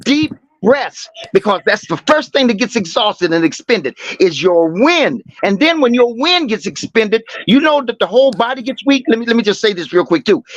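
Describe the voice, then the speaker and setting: Profane boxing co-host, rambling with fillers, lively pitch, dry slightly muffled mic. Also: male voice, no echo. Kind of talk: heated casual boxing talk. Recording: dry, slightly dull sound.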